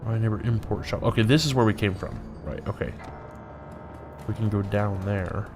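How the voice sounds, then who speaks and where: Low-voiced man doing casual game commentary. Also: moderate pace. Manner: casual, rambling, thinking aloud. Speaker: let's play host. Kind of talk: gameplay commentary. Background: faint music.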